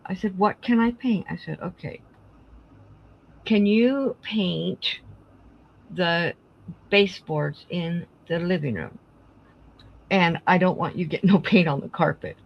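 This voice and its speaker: A woman's voice: on the low side, dull audio. A middle-aged woman hosting a craft live stream, casually telling family stories and acting out the dialogue. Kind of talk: casual storytelling chat.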